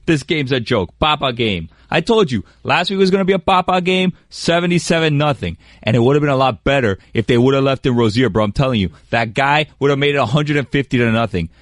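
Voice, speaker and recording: A man's voice: mid-range voice, animated, fast talker, hardly any pauses, no echo, studio quality. A man chatting casually on a radio show, rambling with lots of fillers and slang.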